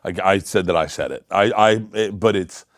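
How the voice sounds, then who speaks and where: A middle-aged man telling stories in a casual podcast chat, laughing often and dropping to quiet mutters. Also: deep voice, normal speed, no echo, studio quality. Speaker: comedian guest. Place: podcast studio.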